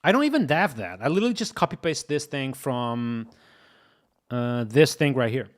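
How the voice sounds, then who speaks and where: Coding on a live stream, a young man talks straight to his chat in a casual way, thinking out loud and repeating himself. His voice is mid-range and expressive, at a normal speed.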